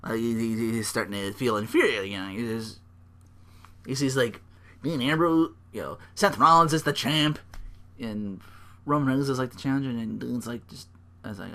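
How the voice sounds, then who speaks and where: A man's voice: medium pitch, normal speed, fairly bright tone. A man hosting a podcast alone, rambling through a casual recap, swearing freely and acting out the people he talks about. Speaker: podcast host.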